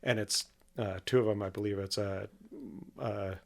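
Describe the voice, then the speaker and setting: A man's voice: fairly low pitch, fairly even intonation, normal speed, gravelly. A man co-hosting a podcast in casual chat, easygoing and hesitant, with frequent fillers. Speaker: podcast co-host.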